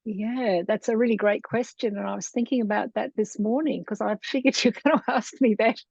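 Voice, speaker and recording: A woman's voice: on the high side, fairly quick, gravelly, darkish tone, slightly rough, dry recording. A middle-aged Australian woman telling her story in a casual interview, chatty and wandering, laughing often. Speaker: guest, Montessori lecturer. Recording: dull, dry lo-fi sound.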